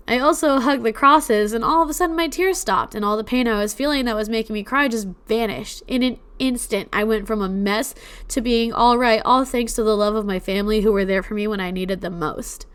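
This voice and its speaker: A woman's voice: a little high, moderate pace, fairly bright tone, clean tone. A young woman casually telling personal ghost stories on a podcast, emotional and teary-eyed at times, chatting with plenty of fillers.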